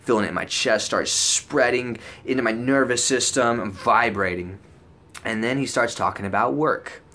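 A young man casually telling a story out loud, animated and profane, full of slang and acted-out lines from other people. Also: mid-range voice, moderate pace.

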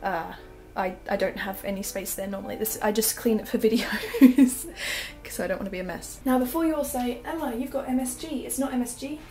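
A woman's voice: mid-range voice, brisk, warm tone. A young Australian woman whose accent drifts British, chatting casually with fillers and giggles while showing around her small apartment. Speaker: vlogger. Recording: echoey small room, faint background music.

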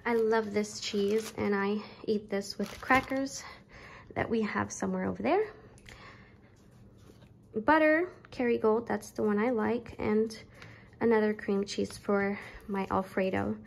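A woman's voice: mid-range voice, a little slow, gravelly, slight background noise, poor audio. A young woman chatting casually through her grocery haul at home, a little out of breath, with many fillers. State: pregnant, slightly out of breath. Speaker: vlogger.

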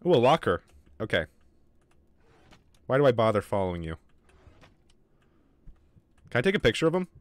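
A man's voice: medium pitch, sing-song, moderate pace, pauses often, no room sound. A man streaming a horror game, talking to his chat in a jittery way and swearing often. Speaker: gaming streamer. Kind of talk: live gameplay commentary.

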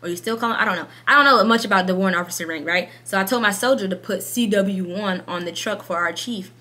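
Fast-talking, bright-voiced woman sergeant. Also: medium pitch. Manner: blunt, animated, slangy and frank; asks many rhetorical questions. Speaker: army sergeant and vlogger. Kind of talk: casual talk to camera.

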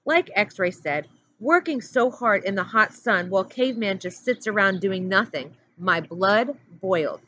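A woman's voice: medium pitch, animated, unhurried, bright, forceful tone. Woman reading teenage bully boy, taunting, insistent, slightly raised voice, dull lo-fi sound.

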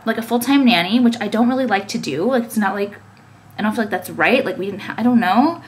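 A woman's voice: mid-range voice, fast. Ranting young woman, filler-heavy. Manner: ranting, frequent "like" fillers, swearing. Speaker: vlogger and business owner. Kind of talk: casual chat to camera.

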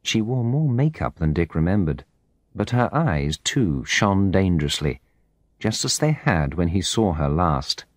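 A man narrating an English-learner audiobook in a measured, expressive storytelling manner. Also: sits low, no room sound, clean studio sound. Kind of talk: scripted narration of a graded reader.

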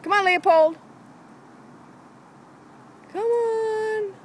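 Standing by the fence in her backyard, a dog owner holds a camera on her pets and coaxes them in a sing-song tone as she narrates a casual home video. Her voice is very high, with drawn-out words. There's slight background noise.

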